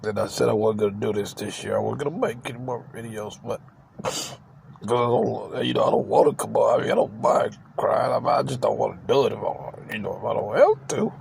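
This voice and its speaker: A man with a gravelly, creaky voice rants in a football reaction vlog, emphatic and repetitive and openly emotional. He keeps tagging "man" onto his lines. A clear hum of vehicle noise runs under the whole recording. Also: on the low side, brisk, a little mellow. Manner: openly emotional, says he cries on camera. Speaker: channel host.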